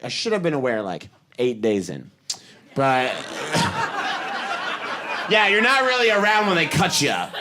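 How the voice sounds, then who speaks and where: A man performing a stand-up comedy set, telling animated stories and acting out the voices of people he quotes. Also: fairly high pitch, slow, long pauses, slight background noise. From Boston.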